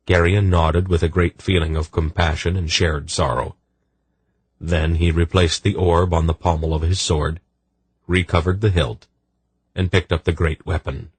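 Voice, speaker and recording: A man reading a fantasy novel aloud as an audiobook narrator, measured and gentle. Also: low-pitched, steady tone, breathy edge, dry recording. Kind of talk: scripted narration.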